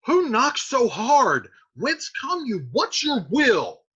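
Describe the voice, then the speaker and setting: A man's voice: high voice, big pitch swings, slow pace, pushed and bright, breathy edge, voice pushed up, full character voice. A man voicing an anxious older male friar who calls out urgently. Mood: alarmed. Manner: urgent, fretful calling out. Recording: dull lo-fi recording.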